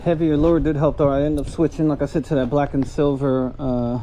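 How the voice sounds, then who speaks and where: A man's voice: on the high side, flat delivery, brisk, a little hiss or hum. A man vlogging a fishing trip from a boat on a lake, chatting to himself and the fish. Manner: talks to himself and the fish, thrilled shouting once hooked. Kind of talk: casual fishing vlog commentary. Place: on a boat on a big lake, outdoors.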